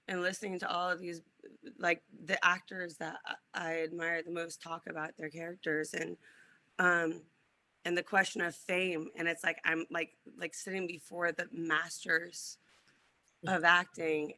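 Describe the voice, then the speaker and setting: A woman's voice: lowish voice, level tone, measured pace, sharp tone. A woman, an actress on a press panel, speaking earnestly and searching for words as she talks.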